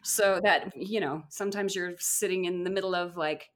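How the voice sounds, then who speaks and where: A woman's voice: lowish voice, fairly even intonation, moderate pace. A woman who performs in musicals, chatting and gushing as a podcast guest, with lots of fillers. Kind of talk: casual chat.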